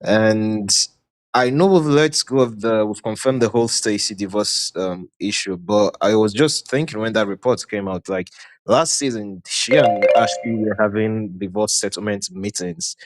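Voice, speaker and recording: Brief: male caller, low voice, measured opinion. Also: a little hiss or hum. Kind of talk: casual call-in comment.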